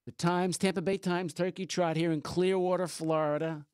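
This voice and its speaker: A man's voice: high-pitched, fairly even intonation, normal speed, a little mellow, smooth, dry recording, clean studio sound. Chatty man hosting a radio show. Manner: chatty, jokey, reads out call-in number. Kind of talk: casual radio talk.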